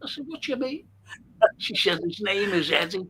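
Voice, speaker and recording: In a casual chat he hosts, an older Liverpool-accented man reads out comments from viewers and tells stories, laughing a lot. His high voice swings widely in pitch at normal speed, pushed and bright, with a slight hiss or hum in the background.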